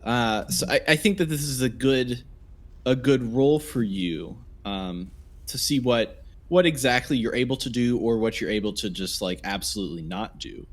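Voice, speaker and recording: A man narrating a tabletop game as game master, casual with many fillers. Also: mid-range voice. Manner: casual, filler-heavy, halting.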